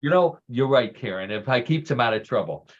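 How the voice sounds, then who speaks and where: A man's voice: medium pitch, expressive, brisk, muffled recording. A man hosting a casual radio talk show, telling stories with groan-worthy puns.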